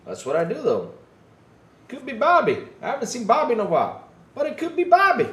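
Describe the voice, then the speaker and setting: Male podcast host, high, animated and profane on a casual livestream, roomy echo. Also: a little fast, a little hiss or hum. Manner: animated, swears freely, acts out quotes.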